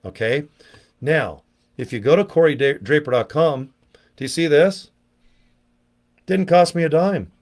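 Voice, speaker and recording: A middle-aged man giving a casual, pushy sales pitch to camera outdoors, talking folksy and checking in with "okay?" and "guys". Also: unhurried, pauses often, darkish tone. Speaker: online business vlogger. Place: outdoors, windy.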